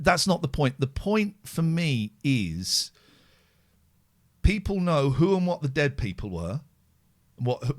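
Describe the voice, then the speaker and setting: A middle-aged man hosting a live-streamed show, talking in a raw, heavily profane, halting way with many restarts. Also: mid-range voice, dry recording, studio quality. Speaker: podcast host. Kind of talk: emotional live-stream monologue.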